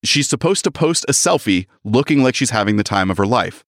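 A man in casual podcast chat, walking his co-host through a novel's plot and dropping into short character voices as he goes. His voice sits at an ordinary middle pitch. The sound is close and dry, with no room around it. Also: lively intonation, fairly bright tone, no room sound. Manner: retells the plot, acting out lines in quick voices. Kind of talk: casual book recap chat.

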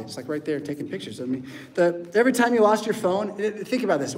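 Animated American male pastor preaching. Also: high-pitched, quick pace. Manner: animated, acts out voices and sounds. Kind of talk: sermon. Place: church.

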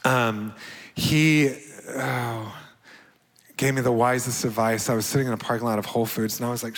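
A man giving a personal testimony sermon, telling his story with his voice climbing high as he acts out his own past words. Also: a bit bright. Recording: long hall reverb.

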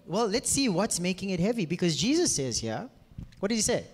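A man preaching to a congregation, energetic and playful, asking the audience questions. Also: high voice, brisk, husky. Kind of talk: teaching sermon to a congregation. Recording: reverberant hall.

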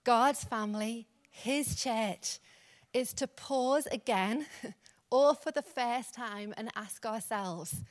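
Female preacher, sermon in church, conversational, slightly high voice. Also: slow. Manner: warm, conversational, laughing asides. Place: church service.

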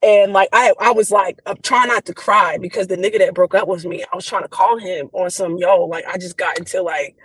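A young adult woman, a podcast guest, telling a story in an animated, profane, slangy way. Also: mid-range voice, fairly quick, hardly any pauses, slightly rough, no echo, poor audio. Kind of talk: casual storytelling chat.

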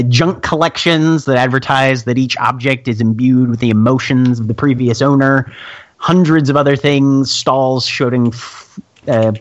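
A man narrating a tabletop role-playing game as game master, descriptive and unhurried, with small filler pauses. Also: mid-range voice, lo-fi sound.

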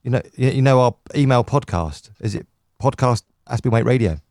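A man's voice: medium pitch, fairly quick, darkish tone, no echo, studio quality. A man co-hosting a casual radio-station podcast, chatting and joking, often slipping into a put-on Irish voice. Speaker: podcast co-host. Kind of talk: casual chat.

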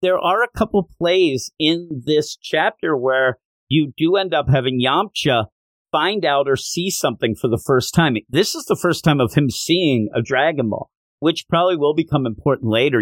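A man hosting a podcast, recapping a manga chapter and acting out the characters' lines in animated storytelling. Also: mid-range voice, dry recording, clean studio sound. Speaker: podcast host.

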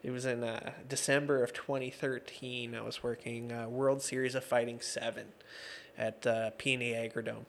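A man's voice: mid-range voice, flat delivery, normal speed, vocal fry, slight background noise. A man in his thirties, a guest on an interview show, telling stories in a chatty, laughing way with lots of fillers. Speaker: guest, MMA referee and judge. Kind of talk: casual interview storytelling.

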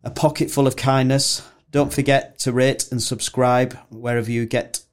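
A man's voice: mid-range voice, little pitch movement, moderate pace. A man hosting a podcast, reacting to a guest's story and reading the sign-off. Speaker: podcast host, company CEO. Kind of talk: podcast interview.

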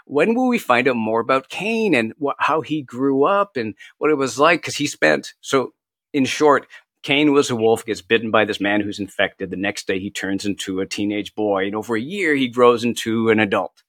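A man's voice: medium pitch, normal speed, a bit bright, no echo. Chatty middle-aged man, dry close sound. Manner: chatty, self-deprecating, laughs often; tells anecdotes with quoted asides. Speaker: author guest. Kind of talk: casual interview chat.

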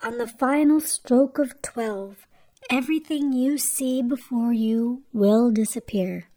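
A gentle, magical fairy godmother, as a woman whispers her in a children's radio story. This whispered role-play is soft, breathy and calm, with a slow, unhurried pace. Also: a little high. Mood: kind.

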